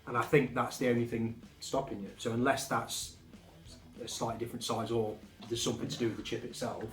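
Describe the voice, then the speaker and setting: A man chatting casually about his game finds, relaxed and rambling with fillers. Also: mid-range voice, fairly quick. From England. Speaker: game collecting vlogger. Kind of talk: casual chat. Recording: echoey room, faint music behind.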